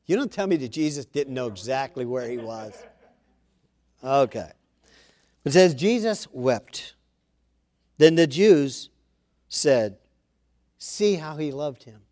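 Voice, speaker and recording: A man's voice: a little high, expressive, slow pace, pauses often, a little mellow, dry recording, studio quality. Man preaching a casual Bible study. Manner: reads scripture then comments conversationally, with asides and restarts. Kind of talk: informal Bible-study sermon.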